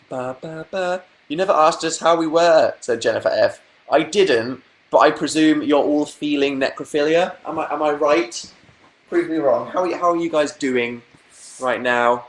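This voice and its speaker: Dry, sarcastic young British man. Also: on the high side. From Britain. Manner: dry, sarcastic, playful asides. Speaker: livestream host. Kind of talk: casual live-stream chat, reading viewer comments.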